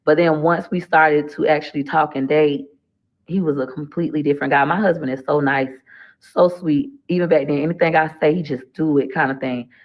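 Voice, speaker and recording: A woman's voice: sits low, steady tone, a little fast. A middle-aged woman, talking through a casual live-stream monologue in a preachy, emphatic way that repeats phrases. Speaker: livestreamer.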